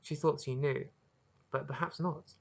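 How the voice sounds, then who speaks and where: An author reading their own story aloud as narration, earnest and expressive, with occasional small restarts. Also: mid-range voice, a little slow, creaky, husky. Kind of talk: audiobook narration.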